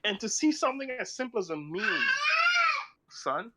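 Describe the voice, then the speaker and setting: A man in his thirties rambles through stories in casual chat, breaking into laughter often. His pitch leaps around a great deal, and faint noise sits under the recording. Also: very animated, fast talker.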